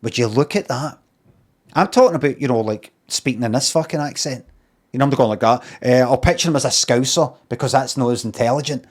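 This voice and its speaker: A Scottish man streams a casual, rambling monologue, swearing and filling it with lots of ums and uhs. His mid-range voice moves fast.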